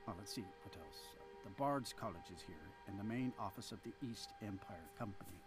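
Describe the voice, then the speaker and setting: An actor playing a male carriage driver in a video game, giving brisk, informative answers. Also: lowish voice, music in the background, close to an everyday voice. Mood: helpful. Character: weary male carriage driver, matter-of-fact. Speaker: game character.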